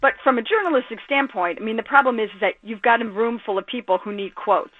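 A woman sports journalist, a guest telling stories on a radio show in an animated, emphatic way. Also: on the high side, fast talker. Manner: animated storyteller, lively and emphatic. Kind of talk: phone-in radio interview. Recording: tinny phone line.

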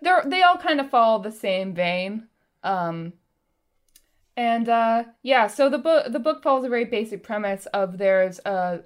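A woman co-hosting a casual podcast, talking hesitantly with lots of "um" and "like". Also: medium pitch. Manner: hesitant, many fillers like "um" and "like". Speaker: podcast co-host.

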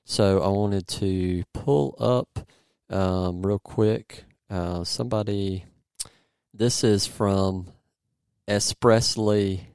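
Smooth-voiced man hosting a podcast, jokey. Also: deep voice, drawn-out words, dark tone, no room sound. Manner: jokey, rambling, searches for words. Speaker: podcast host. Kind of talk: casual podcast chat and interview.

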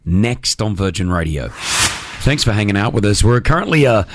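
A man hosting a radio show, energetic and teasing as he runs a game with a guest. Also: on the low side, normal speed, noisy background. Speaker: radio host. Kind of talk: radio show chat and interview.

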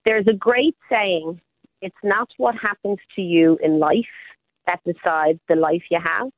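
A woman's voice: fairly low pitch, a little slow, no room sound. A woman life coach talking casually on the radio, upbeat and motivational. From Australia. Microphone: phone call. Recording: phone line.

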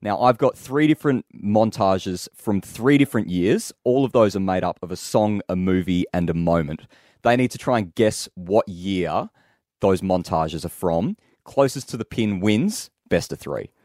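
Aussie radio guy running a quiz, animated voice, dry studio sound. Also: sits low, moderate pace, dry recording. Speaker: radio show segment game master. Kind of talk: explaining a radio quiz game.

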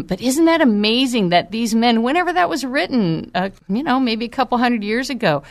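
A woman with a somewhat low voice gives devotional Bible teaching on a podcast. She talks earnestly and with wonder, and reads hymn verses in a slow, reverent way. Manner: earnest, marvelling, slow reverent recitation of carol lyrics.

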